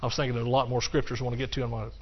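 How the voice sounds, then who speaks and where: A pastor preaching a sermon to his congregation in a folksy, animated way, swinging between loud bursts and hushed asides. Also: medium pitch, very fast, slightly rough, highs cut off. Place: church.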